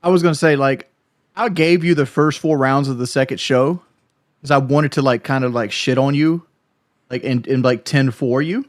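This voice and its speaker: A man's voice: medium pitch, moderate pace, dry recording, studio quality. A man guest casually explaining how he played a match, with lots of fillers. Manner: relaxed, explanatory, filler-heavy. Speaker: gamer guest. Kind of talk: casual chat.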